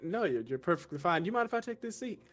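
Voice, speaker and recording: A man taking part in a tabletop role-playing game, talking casually and haltingly in and out of character. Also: high voice, big pitch swings. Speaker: player.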